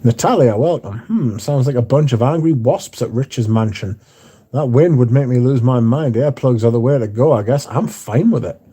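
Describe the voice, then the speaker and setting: Indoors at home, a man with a mellow, husky, medium-pitched voice hosts a livestream. He reads viewers' chat aloud and banters back in a relaxed way, swearing casually.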